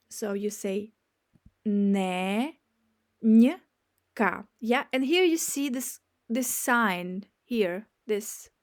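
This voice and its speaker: Woman, language teacher, drawn-out unhurried delivery, repeats each word patiently. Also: a little high, a little mellow. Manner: patient, checks in with "yeah?" after each point; spells out and repeats words slowly. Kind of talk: beginner language lesson.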